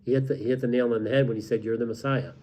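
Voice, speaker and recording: A man's voice: mid-range voice, steady tone, very fast, warm tone. A man co-hosting a casual faith discussion, talking in loose rambling sentences with frequent restarts. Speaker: co-host.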